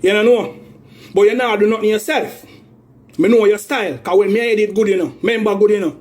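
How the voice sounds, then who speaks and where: A man's voice: high voice, fast, a little mellow. A Jamaican man speaking in patois, airing an aggrieved, accusing rant about a family dispute. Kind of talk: heated spoken rant in patois.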